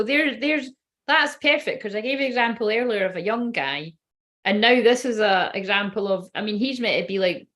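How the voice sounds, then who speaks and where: A woman's voice: medium pitch, a bit bright. A woman who works as a spiritual reader, chatting casually on a livestream, rambling, giggling and swearing freely.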